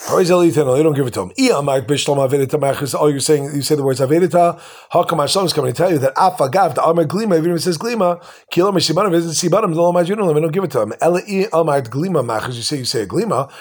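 Fast-talking man teaching Talmud. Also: a little high, darkish tone. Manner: quick, translating text line by line with asides. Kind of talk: casual Talmud class.

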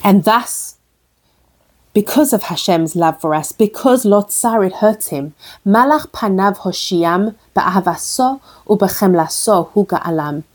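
A woman's voice: mid-range voice, expressive, a little slow, darkish tone. A woman teaching a Torah lesson in an earnest way. She says her with a sound and puts each one into English as she goes. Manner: earnest, translates each Hebrew phrase into English. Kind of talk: explaining verses line by line.

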